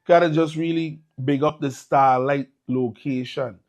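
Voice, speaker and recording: A man's voice: fairly high pitch, fairly even intonation, a little slow, darkish tone. A man with a U.S. hosting a live morning show, upbeat with hyped greetings and local slang.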